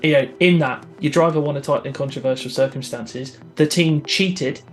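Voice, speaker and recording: Earnest co-host, slightly high voice. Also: male voice, faint music behind. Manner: earnest, opinionated, halting restarts. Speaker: podcast co-host. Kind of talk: casual podcast chat.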